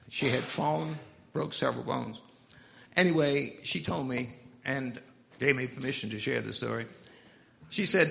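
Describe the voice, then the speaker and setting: Gravelly older preacher. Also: male voice, mid-range voice, normal speed. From Louisiana Cajun. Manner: folksy, animated storytelling with humor. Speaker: pastor. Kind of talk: storytelling sermon. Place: church sanctuary.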